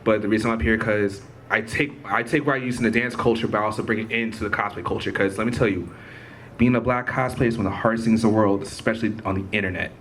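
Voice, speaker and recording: A man's voice: on the low side, fairly even intonation, quick pace, fairly bright tone, a little hiss or hum. A man from Buffalo, New York, introducing himself on a college panel in a loose, chatty way. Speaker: panelist, dancer and cosplayer. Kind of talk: casual panel self-introduction.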